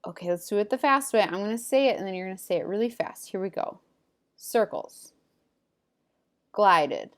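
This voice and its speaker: A woman teacher at a middle pitch, reading out vocabulary words one by one and pausing for the class to repeat. She speaks clearly and patiently, leading call-and-response drills. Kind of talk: recorded remote reading lesson.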